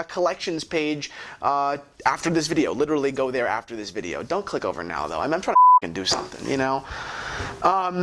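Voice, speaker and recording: A man's voice: on the high side, sharp tone. Casual swearing man hosting a vlog. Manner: casual, swears, many fillers and restarts. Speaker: host.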